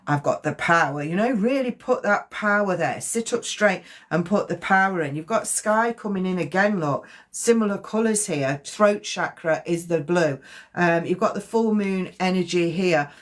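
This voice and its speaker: A woman's voice: fairly low pitch, normal speed. A woman giving a chatty, rambling psychic card reading on a live stream. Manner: chatty, rambling, self-correcting.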